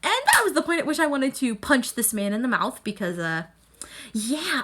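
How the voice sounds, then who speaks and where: A young woman hosting a casual reaction vlog about an anime episode, talking in an excitable, emphatic, rambling way with lots of fillers. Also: high-pitched, moderate pace. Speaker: anime reviewer YouTuber.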